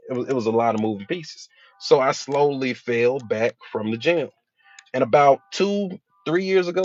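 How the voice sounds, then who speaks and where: A man's voice: mid-range voice, darkish tone, dry recording, dull audio. A man, a hypnotherapist, giving a casual motivational talk and telling his own stories with quoted voices.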